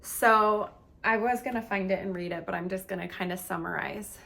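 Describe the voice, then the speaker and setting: Candid woman coach with a gravelly edge. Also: mid-range voice, moderate pace, a bit bright, a little hiss or hum. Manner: candid, emotional, filler-heavy with frequent "like". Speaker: relationship and meditation coach. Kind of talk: personal storytelling in a coaching talk.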